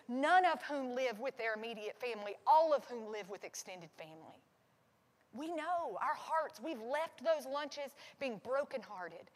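Earnest woman preaching in a reverberant church. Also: on the high side. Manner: earnest, swinging from intense to hushed. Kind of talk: sermon. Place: church sanctuary. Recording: long hall reverb.

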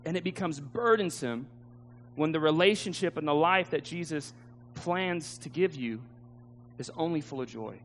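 A man's voice: on the high side, normal speed, slight background noise. A man preaching a sermon, telling a story with emotion and laughing at himself. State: tearful at times.

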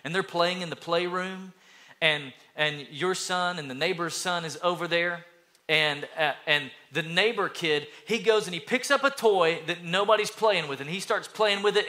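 Middle-aged man from East Tennessee, pastor delivering a sermon; bright tone, slightly high-pitched, storytelling. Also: moderate pace. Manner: storytelling, acts out children's voices, lively.

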